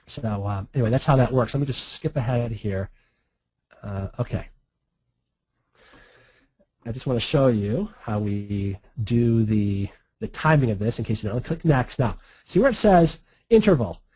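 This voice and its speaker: A man's voice: medium pitch, animated, measured pace, pauses often, darkish tone, husky, no room sound, low-quality recording. A man walking through a screen-share marketing tutorial in a chatty, breezy way, with frequent laughs and asides. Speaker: online marketing instructor.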